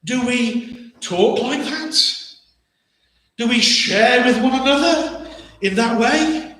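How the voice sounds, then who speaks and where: A man's voice: extremely high pitch, lively intonation, slow, fairly bright tone. A man with an English accent preaching a sermon as pastor, earnest, with many rhetorical questions and repeated words. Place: church hall. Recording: very echoey church hall.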